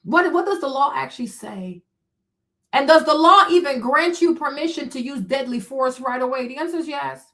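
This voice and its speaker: A woman with a high-pitched voice hosts a live stream, reacting to chat comments. She talks in a combative, mocking tone, throwing rhetorical questions and answering them herself. Her speech is heavy with profanity and scorn. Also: moderate pace, sharp tone. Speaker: streamer host.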